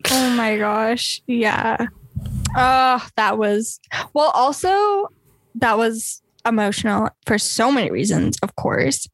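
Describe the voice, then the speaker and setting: Bubbly young woman, fairly high voice. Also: slow, no room sound. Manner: chatty, animated, lots of fillers and laughs. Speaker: podcast co-host. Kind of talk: casual chat.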